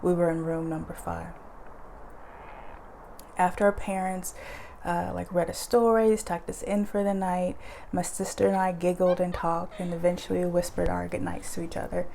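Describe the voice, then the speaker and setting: A woman's voice: fairly low pitch, level tone, normal speed, gravelly, mellow, a little hiss or hum. A woman telling her own true ghost story in a vivid present-tense retelling, with casual fillers. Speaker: eyewitness storyteller.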